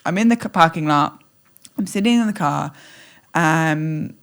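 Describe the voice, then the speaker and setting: A woman talking as a podcast guest in an animated, playful way, acting out little scenes as she speaks. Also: deep voice, a little slow, clean tone. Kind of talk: conversational interview.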